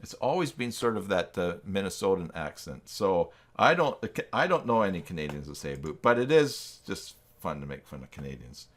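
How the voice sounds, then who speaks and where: A man with a notably low, deep voice hosts a casual live stream. He thinks aloud as he works and reads his chat, and he pokes fun at himself along the way. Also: sing-song, moderate pace, few pauses. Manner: thinks aloud, reacts to chat, self-deprecating.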